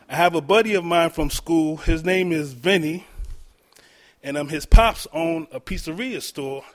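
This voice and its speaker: A man's voice: on the high side, a little slow. A man telling a first-person story in a laid-back, conversational way, with filler ums.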